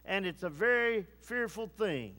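A man preaching with fervor, his voice high-pitched for a man. He drops into low grave tones, then presses upward with urgency. The sound carries a long reverb. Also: lively intonation, measured pace, pushed and bright. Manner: fervent, swings between low grave tones and rising urgency. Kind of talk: sermon.

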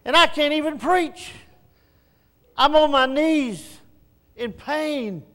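A man pastor preaching a sermon in a folksy, self-mocking way that swells to shouts. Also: extremely high pitch, takes it slowly, long reverb tail.

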